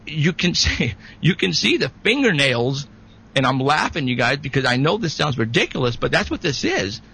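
Gravelly, husky-voiced man telling a story. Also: fairly high pitch, low-quality recording. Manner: rambling, animated, many restarts. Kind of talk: casual storytelling.

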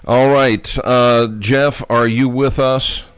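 A man hosting a live radio talk show from a studio, talking in an unhurried, halting way with many fillers. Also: mid-range voice, level tone, clean tone, no echo. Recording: dry, dull lo-fi radio studio sound.

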